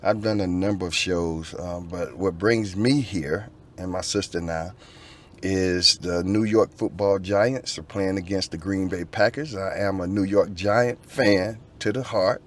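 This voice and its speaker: A middle-aged man from Florida, a guest telling his story in a relaxed, talkative way inside a car. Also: sits low, unhurried, a little hiss or hum. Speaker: guest, actor and former football player. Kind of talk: casual interview.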